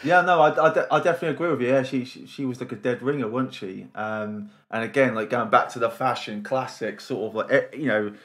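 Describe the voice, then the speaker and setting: A man's voice: mid-range voice, fast, hardly any pauses, a bit bright. A man co-hosts a casual film podcast. His voice sits in the middle range. He talks with eager energy, rambles, and stumbles over repeated words. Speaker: podcast co-host.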